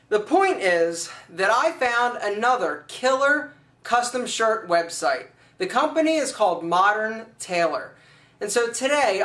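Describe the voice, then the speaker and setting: A man's voice: high-pitched, pushed and bright, roomy sound, far from the mic. A man telling a playful, theatrical story and presenting his own video, with big swings in his voice. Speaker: style vlogger. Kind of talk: playful comedic vlog pitch.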